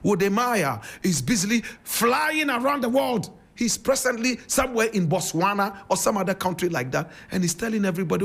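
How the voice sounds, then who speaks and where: Raspy impassioned Ghanaian man. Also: high voice, animated, moderate pace, hardly any pauses, a bit bright. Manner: emphatic, preaching, rhetorical questions. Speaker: radio commentator. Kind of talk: impassioned commentary.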